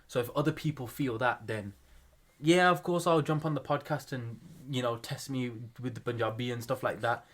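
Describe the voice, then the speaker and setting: A man's voice: mid-range voice, normal speed, a bit bright. A young man talks casually as a podcast co-host, chatty and self-mocking. He often laughs between his phrases.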